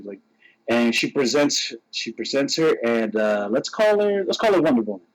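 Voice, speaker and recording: A man's voice: medium pitch, normal speed, rough recording. A man on a podcast telling a story casually, laughing and acting out his friends' lines. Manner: animated, laughing, voices friends in quotes. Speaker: podcast co-host.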